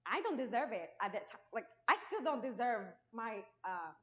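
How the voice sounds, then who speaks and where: A woman from Morocco with a Moroccan accent and Arabic as her first language, telling her personal testimony at church in a lively way with frequent restarts. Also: on the high side, moderate pace. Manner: lively storytelling with frequent restarts and acted quotes. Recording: dull lo-fi sound.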